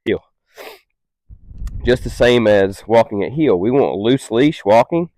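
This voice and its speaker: A man working as a dog trainer, who explains his methods calmly and patiently and gives short, stern commands to a dog. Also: mid-range voice, normal speed, dry recording. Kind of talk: instructional demonstration.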